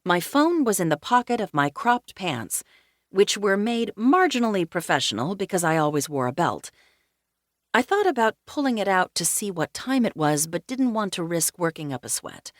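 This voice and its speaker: A woman narrating a cozy mystery audiobook in first person, with a wry, deadpan humor. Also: mid-range voice, moderate pace, no echo, studio quality.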